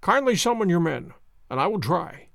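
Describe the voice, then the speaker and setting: A man's voice: high voice, very animated, normal speed, creaky, fairly bright tone, no echo, studio quality, heavily acted. A man reading a story aloud, voicing a poised, theatrical detective who speaks with precise courtesy. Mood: composed. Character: poised, theatrical male detective, fond of pomp. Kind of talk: audiobook character voice.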